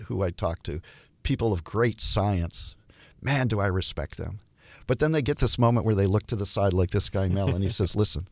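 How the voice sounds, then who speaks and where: Older man, hospital chaplain, animated storyteller, dry close sound. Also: lowish voice, no echo. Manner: animated storyteller, acts out dialogue. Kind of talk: storytelling interview.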